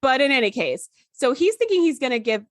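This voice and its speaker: A woman co-hosting a casual podcast, recapping a TV episode with animated storytelling. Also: high voice, fairly quick, dry recording, studio quality. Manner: animated storytelling, acting out characters' lines. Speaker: podcast co-host.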